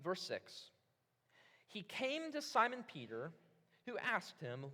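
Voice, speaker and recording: Male preacher, high and bright, animated storyteller, reverberant hall. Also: slow pace, pauses often. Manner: animated storytelling, acts out the disciples' reactions. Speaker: pastor. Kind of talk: sermon.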